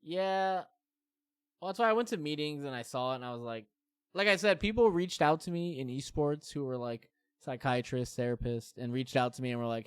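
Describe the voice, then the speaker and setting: A man's voice: fairly high pitch, brisk, clear, resonant tone, dry recording, clean studio sound. A man in his thirties streaming, chatting candidly and rambling with many fillers and self-deprecating asides. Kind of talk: casual chat to stream viewers.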